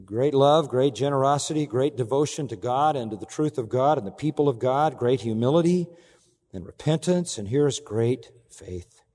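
A male pastor delivering an expository sermon at a middle pitch. He presses his points hard, climbing loud and high, then dropping low, and he keeps asking the congregation questions. The recording carries a long reverb tail from a large hall. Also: expressive, moderate pace. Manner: emphatic preaching with big swings in pitch and loudness.

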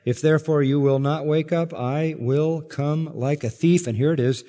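A man's voice: fairly high pitch, steady tone, moderate pace, mellow, in a large hall. A male pastor preaching an expository sermon, reading scripture aloud and building to emphatic peaks on key lines.

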